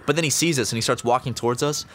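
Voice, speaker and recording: A man's voice: medium pitch, rapid-fire, a little hiss or hum. A young man chatting on a podcast, telling a rambling story with lots of fillers and swearing. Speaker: podcast co-host. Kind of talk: casual storytelling chat.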